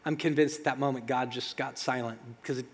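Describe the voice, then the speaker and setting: A man preaching a sermon as pastor, talking conversationally with dramatic pauses and rhetorical questions. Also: medium pitch, steady tone, husky. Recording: long reverb of a large hall.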